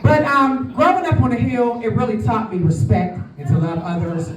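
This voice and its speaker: A woman's voice: a little high, normal speed. A woman doing a live stand-up comedy set in a club, brash and working the crowd. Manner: brash crowd work, calling out to the audience. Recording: roomy live sound, distant from the mic. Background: faint audience crowd.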